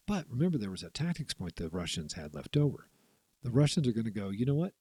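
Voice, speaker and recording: A man's voice: medium pitch, big pitch swings, vocal fry, mellow, breathy edge, no room sound, poor audio. A man walking through the rules of a tabletop game step by step, sometimes speaking the players' moves aloud. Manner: explains step by step, voices players' moves in quick asides. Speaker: board game teacher.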